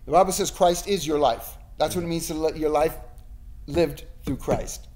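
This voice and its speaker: A man's voice: a little high, normal speed, a little mellow. A man teaching an informal Bible study in a small room, conversational and emphatic, often checking in with "right?".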